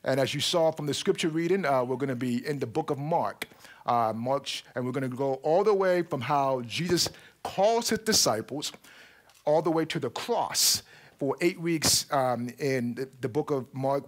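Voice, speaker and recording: A man, a pastor, welcoming the congregation and giving announcements, talking with many pauses and fillers. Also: mid-range voice. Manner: warm, halting delivery with many fillers. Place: church auditorium.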